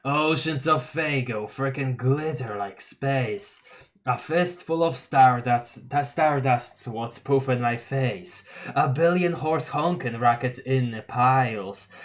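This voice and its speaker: A reader voicing a laid-back clown troll boy who drawls slow rambling rhymes, swears and honks, in a dramatic reading of a webcomic. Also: medium pitch, lightly acted. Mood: mellow drawl.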